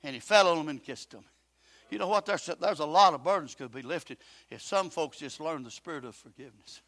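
Older preacher, high bright voice, impassioned, moves from quiet to shouting. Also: male voice, expressive, brisk, no echo. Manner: impassioned, swings from soft talk to shouting. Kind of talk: sermon.

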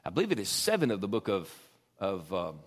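A man preaching a sermon in a church, swelling loud and dropping soft. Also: sits low, wildly swooping pitch, brisk. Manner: folksy Southern preaching, swells loud then drops soft. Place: church sanctuary.

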